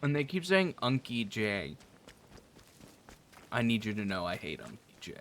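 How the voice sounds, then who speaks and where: Lively, rambling man narrating a playthrough. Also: on the low side, unhurried, slight background noise. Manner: rambling, profane, animated storytelling. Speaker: let's play host. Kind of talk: casual gameplay commentary.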